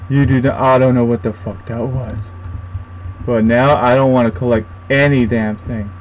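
A man's voice: medium pitch, fairly even intonation, unhurried, a little hiss or hum, rough recording. A young man commentating a horror game as he plays, frightened, swearing and talking to himself. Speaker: gaming YouTuber.

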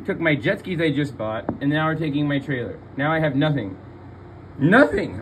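A man's voice: on the high side, animated, brisk, noisy background. A man ranting angrily and swearing while filming outdoors at his home on a handheld phone, his voice leaping up in outrage and disbelief. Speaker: vlogger filming his vehicles being towed. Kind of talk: angry filmed rant.

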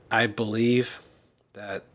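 A young man talking candidly in a personal vlog, weary and emotional, speaking haltingly with sighs and repeated restarts. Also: on the low side, little pitch movement, bright, forceful tone. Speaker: fan dub director and content creator.

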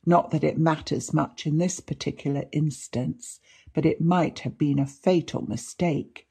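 A woman reading aloud, voicing a calm, precise doctor-detective who speaks in a measured, matter-of-fact way. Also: low voice, creaky, slightly rough, exaggerated voice.

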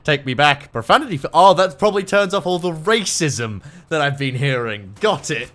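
Excitable Australian man gaming. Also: on the high side, moderate pace. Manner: excitable, swears and yelps at the action. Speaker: gaming YouTuber. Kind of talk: let's-play commentary.

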